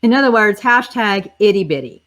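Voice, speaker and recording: A woman's voice: medium pitch, animated, brisk, fairly bright tone. A woman hosts a livestream on a video call. She chats with viewers in an upbeat way, and her voice cracks and tires. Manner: chatty, upbeat, talks to viewers directly. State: voice cracking and tiring. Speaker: host. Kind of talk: casual livestream chat.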